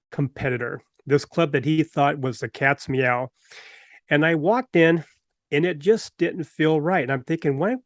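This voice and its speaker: A man hosting a podcast, telling a personal anecdote in an animated storytelling manner. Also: on the high side, dry recording, clean studio sound. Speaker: podcast host.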